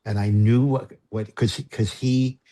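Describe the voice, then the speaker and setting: A man speaking as a guest musician in a casual interview, telling a story in a halting, self-interrupting way and getting choked up. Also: medium pitch, fairly even intonation, mellow. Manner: halting, self-interrupting, emotional when recalling.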